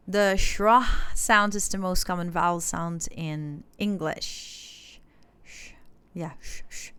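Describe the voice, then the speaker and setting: A woman's voice: lowish voice, sharp tone. A woman with an Indonesian accent, patiently teaching an English class step by step, with frequent filler sounds as she explains. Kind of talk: classroom instruction.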